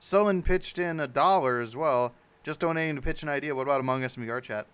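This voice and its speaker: Man, stream host, excitable, reading donations, fairly high voice. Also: fast talker, smooth, no room sound. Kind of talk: casual live-stream chat.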